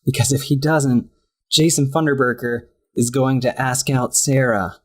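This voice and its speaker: A man co-hosting a podcast, chatting casually and acting out characters' lines in high voices while laughing often. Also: fairly even intonation, normal speed. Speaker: podcast co-host. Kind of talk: casual chat recapping a cartoon.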